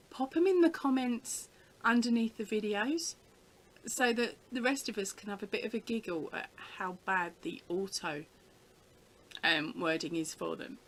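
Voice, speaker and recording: A woman's voice: mid-range voice, a bit bright, poor audio. A middle-aged woman from the UK, chatting casually to camera as a crafting vlogger, telling stories with a giggle.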